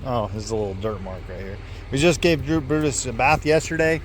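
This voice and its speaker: A man's voice: medium pitch, a little fast, a little hiss or hum. A middle-aged father narrating a family vlog in a casual, joking way.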